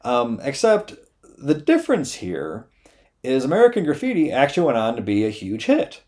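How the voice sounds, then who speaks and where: A young adult man hosting a podcast, retelling a story casually in a loose, profane, animated way with lots of "uh". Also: mid-range voice, moderate pace.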